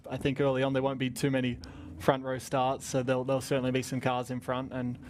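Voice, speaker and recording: A man's voice: mid-range voice, completely flat delivery, quick pace, darkish tone, slight background noise. An Australian man in his twenties, a racing driver answering press conference questions in a chatty, rambling way with lots of laughter.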